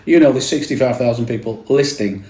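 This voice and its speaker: A man, a radio presenter chatting casually in an interview, jokey and quick with asides. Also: mid-range voice, warm tone. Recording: echoey room.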